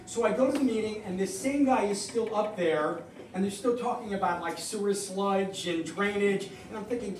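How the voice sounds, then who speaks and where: A high-voiced man spins a wry, salty story about himself, picked up from a distance in a live, echoey hall. A low hum of audience ambience sits under him. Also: moderate pace. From New York. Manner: wry, profane, self-mocking. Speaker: comedian telling a personal story.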